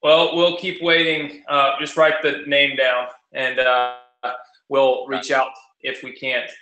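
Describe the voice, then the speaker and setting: A man hosting a live online cash giveaway, talking fast in a rapid-fire, auctioneer-like way. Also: medium pitch, monotone, sharp tone. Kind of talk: live-streamed webinar talk. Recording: roomy echo.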